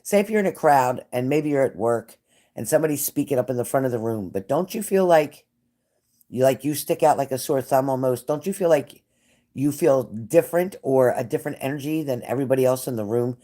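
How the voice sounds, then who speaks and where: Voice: mid-range voice, lively intonation, a little fast, mellow. A psychic reader hosting a casual live stream who talks straight to viewers by name, repeats phrases and gets emotional and fervent.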